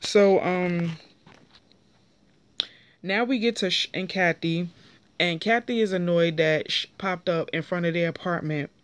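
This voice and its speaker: A woman's voice: lowish voice, a little slow, long pauses. A young woman talks straight to the camera, recapping a reality show episode in a loose, chatty way. She is opinionated and gets heated when someone on the show annoys her. It sounds like she is filming at home. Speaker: TV recap vlogger. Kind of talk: casual reality TV episode review.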